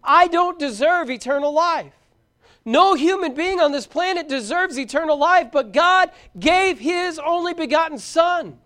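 A middle-aged man preaching a sermon to young people, fervent and shouting out his exhortations. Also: very high voice, animated, unhurried.

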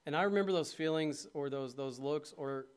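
A slightly high-pitched male preacher speaking to a congregation in a church. He asks the room questions directly and builds from quiet storytelling to loud, fervent appeals. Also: normal speed, smooth. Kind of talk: sermon.

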